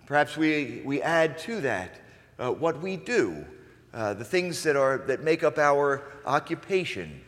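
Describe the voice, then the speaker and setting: A man's voice: a little high, unhurried. A man preaching a sermon as pastor, acting out questions with shifting inflection and many fillers. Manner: lively, acts out questions with varied inflection. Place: church sanctuary. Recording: long church reverb.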